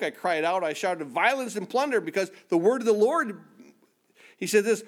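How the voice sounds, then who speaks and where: A man's voice: sits high, normal speed. A man preaching a sermon, emphatic and repetitive, acting out the voices of scripture figures.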